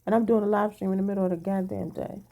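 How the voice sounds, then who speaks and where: Tired woman venting on her vlog, blunt, cusses a lot, warm low-key tone. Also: steady tone, very fast. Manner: blunt, emphatic, swears freely. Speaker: vlogger. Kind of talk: casual venting to viewers.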